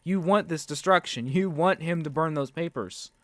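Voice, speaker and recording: A man's voice: on the high side, normal speed, a bit bright, dry recording. A man hosting a reaction video, talking sarcastically and ranting at what he watches. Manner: sarcastic, ranting, mocks with put-on quotes. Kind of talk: reaction commentary.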